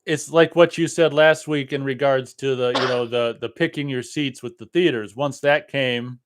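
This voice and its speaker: A man's voice: medium pitch, fairly even intonation, moderate pace. A man co-hosting a casual radio podcast, hesitant and stammering with many restarts. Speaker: podcast co-host. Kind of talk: casual chat.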